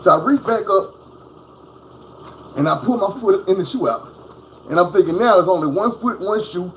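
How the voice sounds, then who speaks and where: A man's voice: high voice, animated, normal speed, slight background noise. A man telling a personal story at home, casually and profanely, acting out crashes and sounds as he goes. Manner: profane, vivid, acts out sounds. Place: at home indoors.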